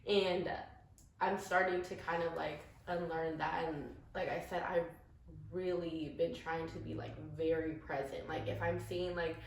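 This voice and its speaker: A woman hosting an interview in a relaxed, casual way, leaning on filler words. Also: low-pitched, measured pace, vocal fry, a little hiss or hum. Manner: relaxed, heavy use of "like" fillers. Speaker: interview host. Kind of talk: casual conversation. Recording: very echoey room.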